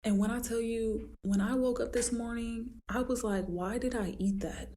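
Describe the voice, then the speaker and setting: Animated woman podcast host. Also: normal speed, a little hiss or hum. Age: adult with a daughter. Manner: animated storytelling, acts out clients in high voices. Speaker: podcast host and fitness trainer. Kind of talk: casual solo podcast talk.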